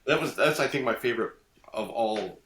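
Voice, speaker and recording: An older man telling stories in a casual podcast chat, animated and quick to laugh, acting out the voices of the people he quotes. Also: medium pitch, roomy sound, over a noisy crowd. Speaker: guest designer.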